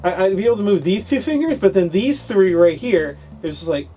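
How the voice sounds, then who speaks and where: A man co-hosting a casual English-learning talk show, telling a story in an animated way and acting out his younger self. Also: high voice, a little fast, faint music behind.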